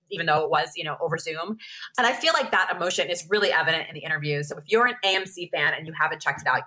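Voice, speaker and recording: A woman's voice: fairly low pitch, pushed and bright. A woman co-hosting an interview podcast, telling stories in an upbeat, enthusiastic way. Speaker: podcast co-host. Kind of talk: casual interview chat.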